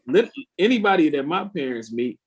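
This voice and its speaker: A man's voice: fairly high pitch, very animated, moderate pace, slightly rough. A man co-hosting a podcast in casual chat, with dry, mock-formal humor. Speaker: podcast co-host.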